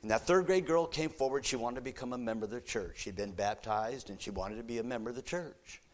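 A man preaching a sermon in a church, telling a story with animated energy, moving between quiet, low asides and loud, excited exclamations. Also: quick pace.

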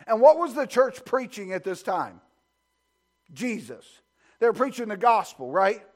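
This preacher's voice is high-pitched and animated, moving at a moderate pace. Fervently, he repeats phrases to build each point and asks his congregation rhetorical questions.

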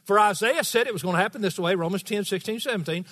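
A man preaching a sermon with a high, bright, forceful voice that rises to shouts for emphasis. As the pastor, he drives each point home and teases the congregation. A long church reverb trails his words in the large hall. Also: fairly quick, hardly any pauses. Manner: teasing the congregation.

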